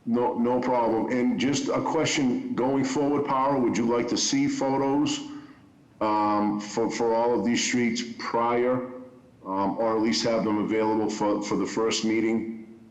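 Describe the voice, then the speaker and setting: A man's voice: medium pitch, steady tone, a little slow, echoey room, rough recording. A man representing a utility company, speaking in a businesslike, accommodating way at a public hearing.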